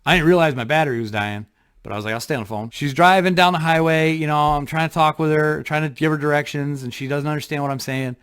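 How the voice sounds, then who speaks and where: A man casually telling a rambling personal story to camera, animated, with restarts and blunt swearing. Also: a little high, fast, smooth.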